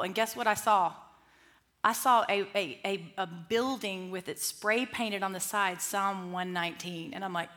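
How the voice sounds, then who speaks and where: A middle-aged woman leading a Bible study group, talking in a lively, conversational way with asides and restarts. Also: mid-range voice. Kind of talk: teaching talk to a group.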